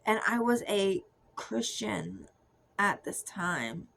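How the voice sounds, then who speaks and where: A young woman giving a soft, confessional personal testimony that often drifts into a whisper. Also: medium pitch, expressive, slow pace, creaky, rough recording. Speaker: Christian testimony speaker.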